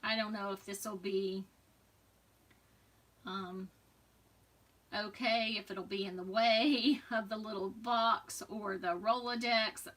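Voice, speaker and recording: Unhurried woman crafter, chatty with soft asides; distant mic. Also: mid-range voice, fairly even intonation. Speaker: crafting demo host. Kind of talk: live crafting demonstration.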